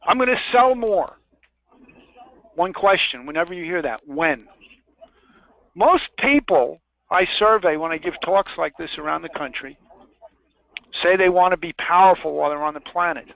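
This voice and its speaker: A man's voice: a little high, normal speed, creaky, a bit bright, dry recording. A man presenting a sales training webinar, stressing and repeating his key points and asking the audience rhetorical questions. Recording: dull lo-fi dry webinar audio.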